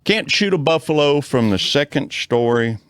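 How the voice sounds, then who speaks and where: A man's voice: a little high, expressive, moderate pace, a bit bright, smooth, no room sound, clean studio sound. A man co-hosting a casual podcast, reading out odd laws and joking along in a drawl. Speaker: podcast co-host. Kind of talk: casual panel chat, reading aloud.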